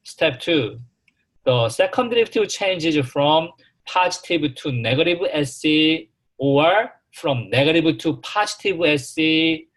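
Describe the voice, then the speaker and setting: A man teaching a calculus class, talking slowly and haltingly, repeating himself and putting questions to the students. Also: fairly high pitch, lively intonation, a bit bright. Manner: slow, repetitive, halting, asks the class questions. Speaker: math instructor.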